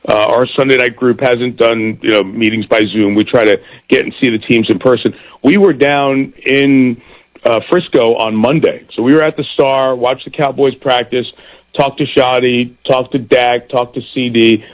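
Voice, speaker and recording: A middle-aged man, a football broadcaster, chatting as a guest in a radio interview, lively and given to repeating words as he starts a thought. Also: medium pitch, moderate pace, low-quality recording.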